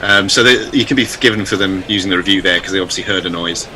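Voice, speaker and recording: A man giving chatty, measured ball-by-ball cricket commentary. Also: sits low, sharp tone, slight background noise, low-quality recording. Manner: measured, chatty, self-deprecating.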